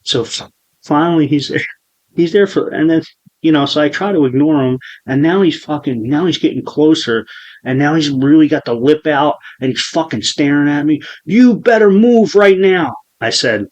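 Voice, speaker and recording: A man's voice: on the high side, normal speed, highs cut off. A man in his forties hosting a podcast, telling a story in a profane, rambling way with many restarts. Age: 40s. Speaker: podcast host. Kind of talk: casual podcast chat.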